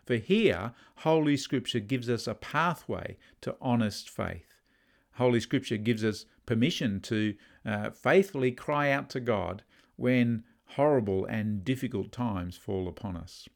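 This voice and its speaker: A man preaching a sermon, earnest, lifting his voice on key words and letting line ends fall low and soft. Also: measured pace, vocal fry.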